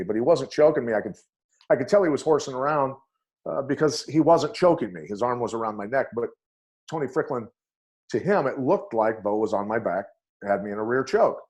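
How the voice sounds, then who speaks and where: A man's voice: medium pitch, brisk. A middle-aged man, a former fight coach, telling anecdotes bluntly and with animation as a podcast guest. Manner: blunt and animated, acts out voices in his anecdotes. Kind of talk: storytelling on a podcast interview.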